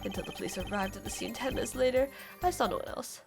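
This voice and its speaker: A woman's voice: medium pitch, quick pace, creaky, natural voice. A woman voicing a fussy, pompous male scientist witness in a formal, long-winded way, read from a game over its music. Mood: haughty. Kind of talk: reading game dialogue aloud.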